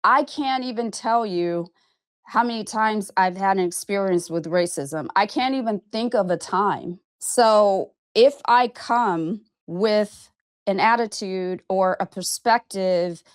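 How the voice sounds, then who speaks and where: This candid monologue to camera comes from a woman in her fifties from Arizona, USA, who hosts a vlog and podcast. She speaks at a slow pace in a smooth, medium-pitched voice, frankly and emphatically describing her own life, swearing casually and often saying "okay?". The clean studio sound has no echo.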